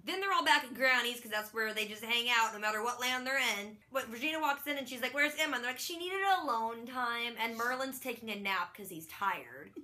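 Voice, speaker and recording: Young woman, bright forceful tone, fairly high pitch, chatty recap, playful impressions. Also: expressive, fairly quick, hardly any pauses. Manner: chatty, playful, mimics characters in silly voices. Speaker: vlogger. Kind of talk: casual TV recap chat.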